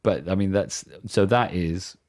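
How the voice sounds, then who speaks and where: A man's voice: low-pitched, unhurried, darkish tone. A man co-hosting a podcast in casual chat, retelling film scenes in a reflective, hesitant way. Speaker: podcast co-host.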